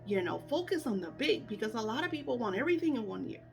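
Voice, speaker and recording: A middle-aged woman coaching on manifesting in an animated, chatty way, full of fillers and acted-out self-talk. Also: a little high, fast, gravelly, soft background music. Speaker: spiritual coach. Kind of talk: casual teaching chat.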